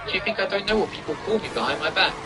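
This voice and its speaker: A man's voice: medium pitch, lively intonation, quick pace, vocal fry, noisy background. A man voicing the sulky, self-pitying ghost of a young girl in a whiny manner.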